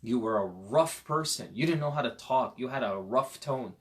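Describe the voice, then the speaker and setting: Man, Islamic teacher, mid-pitched; conversational, animated lecturing, direct to parents. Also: normal speed. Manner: animated storyteller, swings between loud emphasis and quiet asides. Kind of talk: parenting lecture on a Quran verse.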